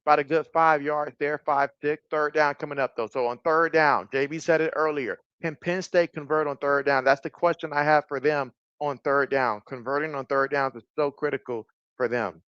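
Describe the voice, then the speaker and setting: A man's voice: fairly high pitch, normal speed, clear, resonant tone, no echo, dull audio. Chatty male sports live-streamer. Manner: chatty, reads viewer comments aloud, bursts of excitement on plays. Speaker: sports streamer doing play-by-play and chat. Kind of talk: casual live-stream commentary.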